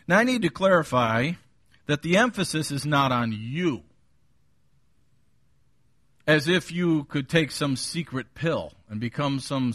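A man's voice: on the high side, fairly bright tone, dry recording, studio quality. A man preaching a Sunday sermon, stressing and repeating key phrases. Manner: emphatic, repeats key phrases, occasional chuckle. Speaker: pastor.

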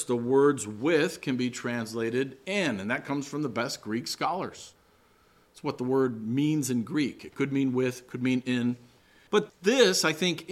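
A man preaching a sermon, teaching from Scripture and the meanings of Greek words, pressing hard on his key words. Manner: emphatic, rising to high stressed peaks on key words. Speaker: pastor.

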